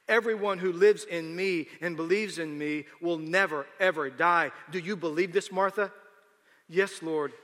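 A man's voice: a little high, sharp tone. A man preaching a sermon, retelling a scripture story and then building emphasis as he explains it to the congregation. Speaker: pastor. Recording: long hall reverb.

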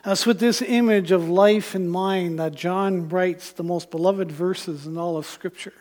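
Preacher, male, very high voice, animated storytelling delivery, echoing sanctuary. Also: unhurried. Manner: animated retelling, voicing characters, rising to loud passages. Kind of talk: sermon. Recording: long church reverb.

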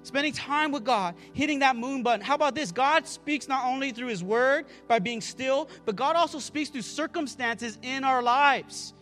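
A man's voice: very high voice, normal speed, few pauses, a bit bright, faint music behind. A man preaching a sermon as pastor, calling out to the congregation and often repeating words as he restarts a phrase. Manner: fervent, calls out to the congregation.

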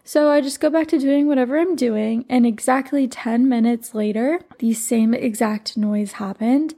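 A woman's voice: a little high, normal speed, dark tone, breathy edge. A woman in her twenties, a podcast host and life coach, telling a personal story in a rambling, earnest way full of "like". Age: 20s. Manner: rambling, heavy on "like", emotional and earnest.

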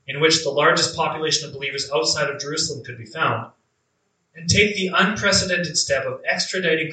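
Brief: male actor as a devout, beaten prisoner of faith, earnest and reflective, a bright voice with plenty of room echo and a distant mic. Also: fairly high pitch. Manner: earnest, reflective, with drawn-out emphatic phrases. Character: male early believer, imprisoned, beaten, blinded, devout. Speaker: actor in a first-person monologue. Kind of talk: dramatic monologue.

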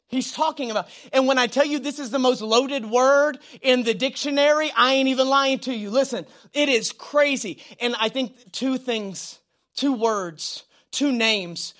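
Bright-voiced preacher with a twang. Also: male voice, high-pitched. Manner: swings between loud emphatic preaching and quiet prayerful asides; informal, tells jokes and personal stories. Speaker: pastor. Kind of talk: sermon.

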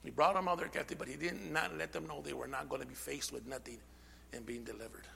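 Man, pastor, sermon, high pitched, gravelly, amen call-and-response, long church reverb. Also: fairly even intonation, quick pace, slight background noise. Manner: swings from shouting to near whisper. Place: church sanctuary.

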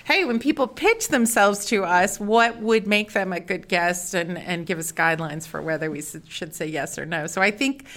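A woman's voice: on the low side, moderate pace, hardly any pauses, fairly bright tone. A middle-aged woman co-hosting a podcast, talking earnestly and with enthusiasm in casual chat. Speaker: podcast co-host.

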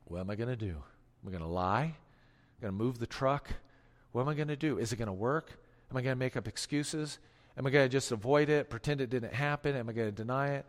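Middle-aged male pastor, mid-pitched, preaching in a big echoing sanctuary, dropping to hushed tones then driving points home. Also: fast. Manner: storytelling preacher, swings from hushed to forceful. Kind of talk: sermon.

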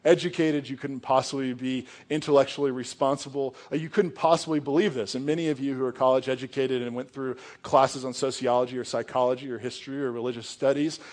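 A young adult man preaching a sermon as pastor, earnest and conversational, with casual asides. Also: mid-range voice.

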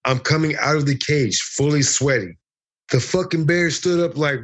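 A man's voice: a little high, normal speed, slightly rough. A man telling a fight story as an interview guest over a video call, profane and joking, acting out other people's lines. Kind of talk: animated storytelling.

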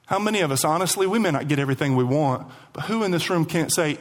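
A man preaching a sermon as pastor, animated, repeating lines for emphasis and slowing down to stress his points. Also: on the high side. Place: church sanctuary.

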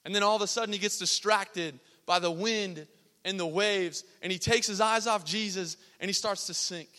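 Young man, youth sermon, high bright voice, laid-back slang, long hall echo. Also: moderate pace. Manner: casual slangy storytelling, acting out quotes. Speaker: youth pastor. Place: large hall with a youth congregation.

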